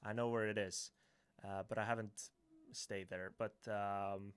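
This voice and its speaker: A man's voice: fairly low pitch, flat delivery, unhurried, clear, resonant tone. A man from Sweden with a Swedish accent answering viewers' chat questions on a casual livestream. He talks hesitantly, with many fillers, restarts and chuckles. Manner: hesitant, filler-heavy, self-correcting, chuckling.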